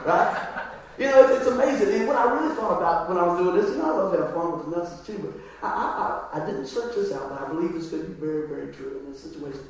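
A man's voice: high-pitched, fast. A man preaching a conversational sermon in a church, often asking the crowd "right?". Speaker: pastor. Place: church hall. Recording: echoey hall, voice from far off.

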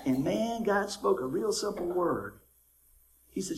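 A man's voice: high voice, animated, a little slow, slight background noise, rough recording. A man preaching a conversational sermon as a pastor, who keeps asking the congregation for amens and chuckles at his own jokes.

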